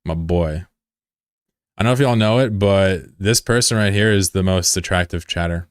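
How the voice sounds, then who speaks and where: A man with a Mid-Atlantic American accent who streams a game and chats casually in a plain, monotone way while reading viewer messages. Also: sits low, moderate pace, clear, resonant tone, no echo, clean studio sound. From United States. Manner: self-described monotone, plain and laid-back.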